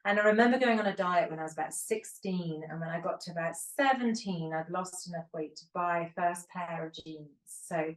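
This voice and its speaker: A woman in her fifties with a fairly low voice co-hosts a podcast, talking fairly quickly with hardly any pauses. She chats candidly and spins long, rambling stories, sounding distant from the mic in a roomy, echoing space.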